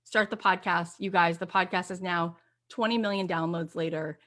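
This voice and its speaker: A woman's voice: lowish voice, steady tone, moderate pace, a bit bright. A woman hosting an online course, talking casually to camera and telling her story in a chatty, upbeat way. She acts out the lines she quotes.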